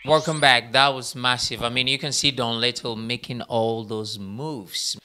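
A man's voice: mid-range voice, fairly even intonation, a little slow, bright, forceful tone, faint music behind. A young man hosting a casual entertainment update from a small studio, chatty and rambling, often correcting himself. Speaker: entertainment news host.

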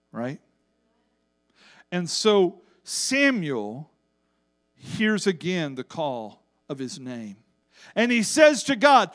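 A man preaching from a church stage, his voice sitting high for a man. He swings between loud, stretched-out emphasis and quiet, conversational asides, and acts out the voices in the Bible story he retells. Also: animated. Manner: preaching with wide swings in pitch and loudness, drawn-out emphasis; acts out quoted voices in Bible stories, casual asides to congregation. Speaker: pastor. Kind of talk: sermon.

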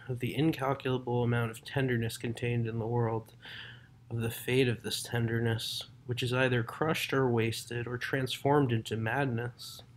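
A man reading a literary short story aloud in a measured, unhurried way, now and then correcting himself mid-sentence. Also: medium pitch. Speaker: narrator.

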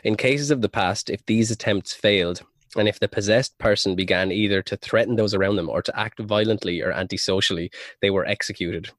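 A man's voice: lowish voice, fairly quick, fairly bright tone, no room sound. A man co-hosting a podcast, rambling and joking, sometimes reading facts aloud. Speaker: podcast co-host. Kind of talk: casual podcast banter.

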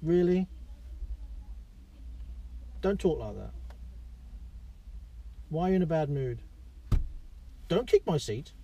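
Father, casual vlog, playful and coaxing with his toddler, unhurried delivery. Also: on the high side, very animated, background noise. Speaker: father vlogger. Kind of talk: casual family vlog chat.

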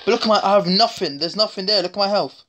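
A woman talks fast at a medium pitch as she plays a mobile shooter, joking around, trash-talking opponents, and letting out sudden yelps. She's a mobile game streamer captured by a phone screen recorder, and the audio is noisy with tapping clicks.

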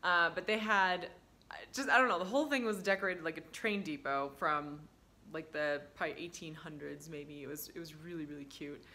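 A woman telling casual stories about her dental work, chatty with lots of fillers, breaking into bright quoted voices. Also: deep voice, a little fast. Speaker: dental hygienist vlogger. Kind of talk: casual storytelling to camera.

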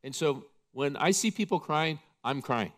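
A man preaching from the pulpit, his voice sitting a bit higher than most men's. He takes his time, pausing and stretching phrases for weight. The delivery is impassioned and emphatic. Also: lively intonation, fairly bright tone. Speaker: pastor. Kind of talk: sermon. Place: church.

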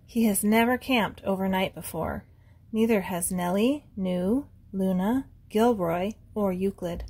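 A preschool teacher reading a picture book aloud to young children from inside a small tent, in an animated storytelling manner. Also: female voice, mid-range voice, unhurried, slightly rough.

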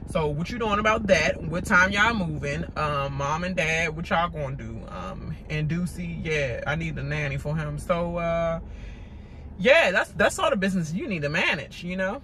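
A woman hosting a casual TV recap rant, animated and mocking, with lots of laughter and stammered fillers. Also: fairly low pitch, normal speed, noisy background. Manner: stammering filler-heavy delivery. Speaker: reality TV recap host.

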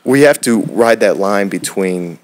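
A man from Detroit with a somewhat low voice talks frankly in a relaxed podcast conversation. He is an acting coach, swears freely and slips into quick acted-out lines to make his points. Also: crowd noise. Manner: blunt, profane, acts out quotes in voices. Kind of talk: casual podcast chat.

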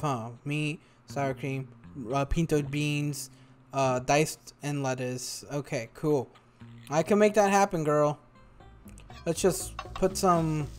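Here a young man with a fairly high-pitched voice hosts a home-recorded gaming video on a desktop USB microphone. He plays a cooking game, poking playful fun at its customers.

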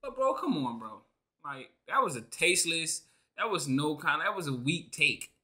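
A young man streams a reaction to a sports clip, ranting in loose slang with plenty of exasperation. His voice is bright and lively, rising and falling widely. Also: on the high side, moderate pace. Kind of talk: casual reaction commentary.

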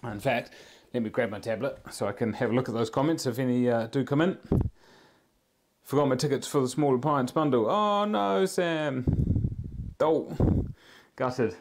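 A man's voice: mid-range voice, steady tone, a little fast, noisy background. A man with a New Zealand accent hosting a live-streamed prize draw. He chats in an easygoing way with viewers in the chat while he works.

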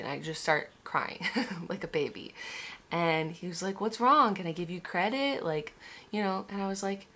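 Vlogger, young woman, slightly low voice; candid, swears, trips over her words. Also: animated, moderate pace, sharp tone. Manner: candid, swears, many restarts and "like". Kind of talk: emotional personal story vlog.

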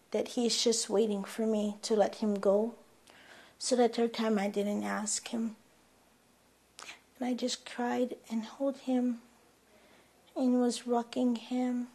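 A bereaved mother slowly and plainly recounting her son's last moments in an interview. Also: fairly high pitch, gravelly, mellow, breathy edge. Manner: slow, plain, heartfelt storytelling. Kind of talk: documentary interview.

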